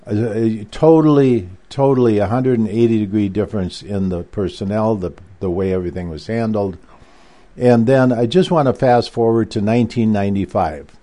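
A man's voice: fairly low pitch, moderate pace, dark tone. A male guest author telling a long story in a rambling way, with frequent restarts and asides. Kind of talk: conversational recounting.

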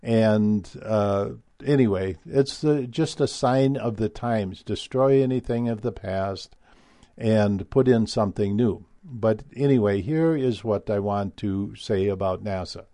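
A man with a low, dark, mellow voice holds forth in a rambling, opinionated monologue, often stalling on fillers and restarting his sentences. The sound is dry and close, with no room echo. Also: unhurried. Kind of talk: casual monologue.

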